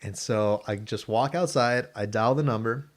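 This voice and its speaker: A young man co-hosting a podcast, telling a story in casual chat, animated and slipping into voices for the people he quotes. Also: on the low side, moderate pace. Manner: animated, acts out voices in quotes, laughs often. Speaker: podcast co-host.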